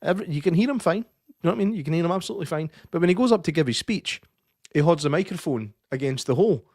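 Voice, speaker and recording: A man's voice: fairly high pitch, lively intonation, rapid-fire, a little mellow, no echo, studio quality. A Scottish man co-hosting a film-review podcast, telling stories in a sweary, ranting way. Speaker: podcast co-host. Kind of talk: casual chat, film review. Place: studio.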